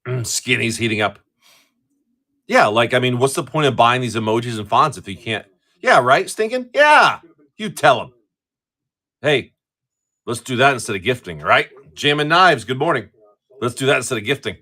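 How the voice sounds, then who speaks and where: A middle-aged man hosts a casual live stream, talking in a bright, forward voice. His pitch swings widely as he rambles, restarts and swears freely. The talk is loose and chatty. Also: lively intonation, moderate pace. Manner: chatty, profane, laughs easily. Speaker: live-stream card breaker.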